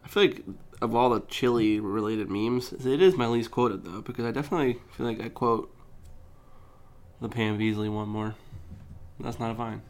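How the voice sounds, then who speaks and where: A young woman co-hosting a casual podcast chat, laughing often and bursting into loud, high voices when she quotes things. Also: moderate pace. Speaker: podcast co-host.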